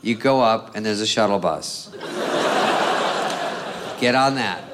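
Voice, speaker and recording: Rambling stand-up comedian live on stage. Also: male voice, fairly low pitch, slow. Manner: deadpan, rambling, acts out dialogue. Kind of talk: stand-up routine. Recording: live club with audience laughter and noise.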